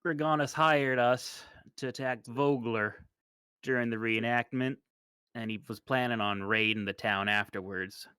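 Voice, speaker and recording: A man in the dungeon master's seat, talking at a slow, unhurried pace through the game's scenes. His voice is smooth and clear, and it sits dry and close to the mic. He pauses, hesitates and restarts often while he tells the story. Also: mid-range voice, no room sound. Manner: relaxed, hesitant narration with many restarts. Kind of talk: narrating a tabletop game with character voices.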